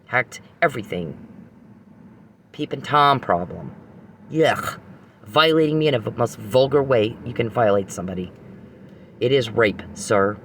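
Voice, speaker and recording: A man's voice: medium pitch, fairly bright tone, a little hiss or hum. A man hosting a podcast, ranting angrily and profanely straight at an adversary. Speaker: podcast host. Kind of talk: angry monologue.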